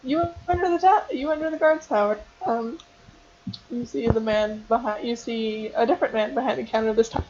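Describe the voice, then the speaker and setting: A woman's voice: on the high side, a little fast, darkish tone, dull audio, a little hiss or hum. A young woman narrating as game master for a tabletop game, hesitant and full of ums and restarts.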